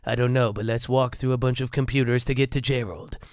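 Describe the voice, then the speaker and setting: A man voicing a deadpan male narrator in a mock tech promo, speaking in a dry, mock-serious way. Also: medium pitch, fairly quick, no room sound, lightly acted.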